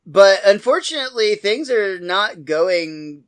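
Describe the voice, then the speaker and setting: A man's voice: sits high, animated, slow, a bit bright, clear, resonant tone. A man hosting a podcast, casually retelling the scenes of a cartoon episode and laughing often along the way. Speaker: podcast host.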